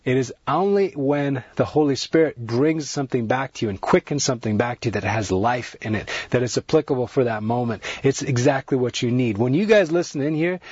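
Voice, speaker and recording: Earnest husky preaching man. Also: mid-range voice, expressive, brisk, hardly any pauses, a little mellow, no echo. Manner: earnest, repetitive, rising emphasis. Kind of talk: sermon. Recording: dry, dull lo-fi sound.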